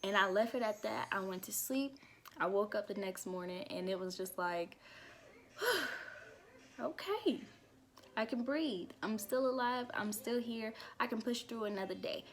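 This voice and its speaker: A woman's voice: mid-range voice, normal speed, slight background noise. A young woman vlogging a heartfelt personal faith testimony, emotional and laughing now and then between thoughts.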